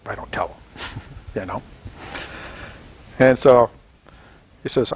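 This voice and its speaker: A man in his seventies from Washington State, telling his story in an oral history interview, animated and chuckling, acting out the voices of people he quotes. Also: medium pitch, takes it slowly, long pauses, a little hiss or hum. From Washington State, United States. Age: 70s. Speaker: veteran interviewee.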